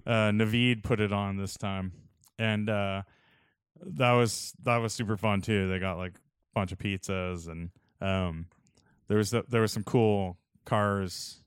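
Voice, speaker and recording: A man's voice: on the low side, steady tone, unhurried, smooth, dry recording, clean studio sound. A young man telling stories in a casual chat, laid-back, full of "like" and "dude".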